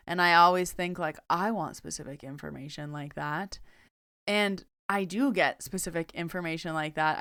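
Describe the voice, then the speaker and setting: A woman's voice: lowish voice, a bit bright, clear, resonant tone, no echo, studio quality. A young adult woman hosting a podcast, telling a story in a casual, chatty way and acting out quoted dialogue. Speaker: podcast host and medium.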